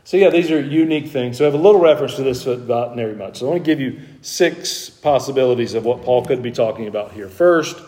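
A man's voice: medium pitch, quick pace, hardly any pauses, dark tone. A man teaching a Bible study to a group in a conversational way, talking with the class and growing more emphatic as he explains the passage.

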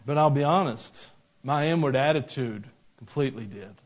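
A man's voice: mid-range voice, normal speed. A man preaching a sermon in a church, talking conversationally and adding joking asides. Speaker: pastor. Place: church sanctuary. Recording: dull lo-fi recording.

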